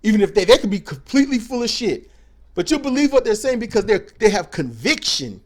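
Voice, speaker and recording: A man's voice: high voice, sing-song, fairly quick. A man giving blunt, preachy casual commentary as a show co-host, swearing freely as he talks.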